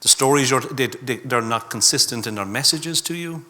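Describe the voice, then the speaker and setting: A man's voice: medium pitch, moderate pace, sharp tone. A man speaking as a conference panelist, bluntly voicing skeptical opinions. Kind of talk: panel discussion. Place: conference hall stage.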